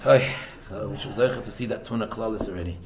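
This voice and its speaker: A man's voice: on the low side, racing, heavy background noise. A man giving an informal Torah lesson as a rabbi, repeating words and restarting, mixing in Hebrew and Yiddish terms. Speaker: rabbi teaching a Torah talk. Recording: tinny phone-like echoey room recording.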